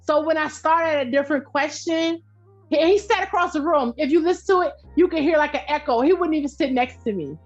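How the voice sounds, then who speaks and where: A middle-aged woman talks as a podcast guest in a loud, direct, animated way, spinning stories with easy laughter. Her voice sits high. The recording sounds a bit dull and lo-fi. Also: a little fast. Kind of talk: casual interview chat.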